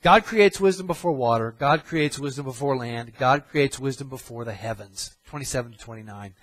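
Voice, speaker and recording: A man's voice: medium pitch, fairly quick, few pauses, fairly bright tone, no room sound, rough recording. A middle-aged man preaching a sermon, emphatic and repeating phrases for stress.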